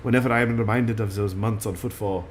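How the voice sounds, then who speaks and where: A man's voice: on the low side, steady tone, quick pace, a little hiss or hum, pitched below the performer's own voice, lightly acted. A man voicing a brooding warrior woman, shaky French accent. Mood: solemn. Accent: put-on French, slipping. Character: brooding stern female warrior guardian. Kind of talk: reading game dialogue aloud.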